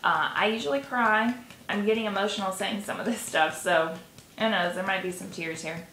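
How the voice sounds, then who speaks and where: A woman guiding a tapping session, coaching gently and sighing between slow repeat-after-me phrases. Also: mid-range voice. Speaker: tapping guide. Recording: echoey room with faint noise.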